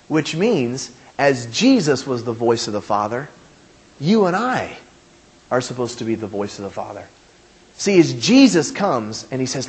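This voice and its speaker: A man's voice: mid-range voice, sing-song, unhurried, husky. A man preaching a sermon as pastor, speaking emphatically with repeated phrases and questions to his congregation.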